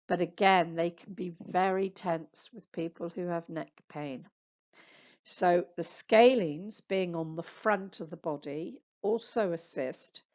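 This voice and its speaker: A woman therapist giving a slow, patient anatomy lecture on slides, spelling out muscle names for practice. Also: on the low side, darkish tone. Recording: dull lo-fi sound.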